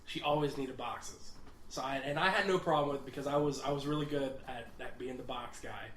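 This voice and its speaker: A young man telling a story on a casual podcast, animated and swearing, laughing at himself as he goes. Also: medium pitch, brisk, slight background noise. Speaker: podcast co-host. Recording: roomy echo.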